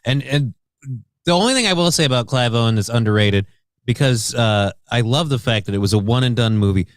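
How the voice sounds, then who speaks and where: A man's voice: medium pitch, lively intonation, brisk, no room sound, studio quality. An American man co-hosting a casual talk show, rambling, swearing loosely and stalling while he hunts for names. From United States. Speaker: co-host. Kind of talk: casual podcast chat.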